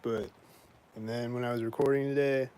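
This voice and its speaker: A man talks straight to camera in a loose, rambling vlog, complaining with indignant disbelief. His speech is full of "like" and casual swearing. His voice sits at an ordinary middle pitch, with a faint hiss of noise behind it. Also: steady tone, fairly quick, warm tone, poor audio. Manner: rambling, heavy use of "like", frequent swearing. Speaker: vlogger.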